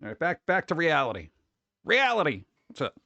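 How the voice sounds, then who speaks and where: A man hosting a casual livestream in a jokey, excitable way, breaking into sudden exclamations as he chats with viewers. His voice sits fairly high, and the recording is dry and close. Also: a little fast, dry recording. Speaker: livestream host.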